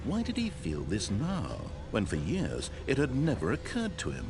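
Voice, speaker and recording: A man playing a calm, wry male narrator, telling the story in measured scripted narration that swells dramatically. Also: medium pitch. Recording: game audio with steady background noise.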